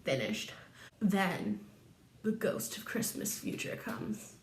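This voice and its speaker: A woman's voice: mid-range voice, sing-song, takes it slowly, reverberant, very noisy. A young woman vlogger in her twenties giving a tipsy comedic retelling, full of slang, swearing and laughs.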